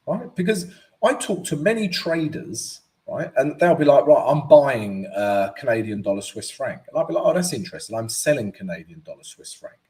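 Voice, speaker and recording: A man's voice: medium pitch, a little mellow. A man hosting a live trading stream, chatting casually through market commentary and viewer questions, tagging lines with "right?". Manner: does offhand mock voices of traders.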